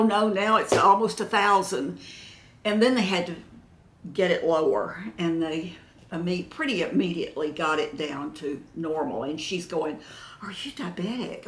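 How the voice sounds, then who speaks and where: An older woman tells a personal story to her viewers, her voice gravelly and a little rough. She retells it with feeling, acting out what others said. The room around her is roomy and echoey. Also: lowish voice. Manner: emotional retelling, acting out other people's words. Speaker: vlogger telling a personal story. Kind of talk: casual storytelling to camera.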